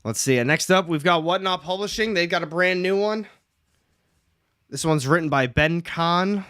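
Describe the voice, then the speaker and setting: A man's voice: sits high, moderate pace, a bit bright, smooth, no echo, studio quality. A young man hosting a casual comics livestream, chatting, reading out the chat and joking at his own expense. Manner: chatty, reads chat aloud, jokes at himself.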